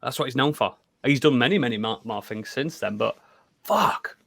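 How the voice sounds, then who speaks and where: Swearing, laughing podcast host. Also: male voice, mid-range voice, normal speed, creaky, no echo, studio quality. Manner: animated, swears often, laughs a lot. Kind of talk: casual chat.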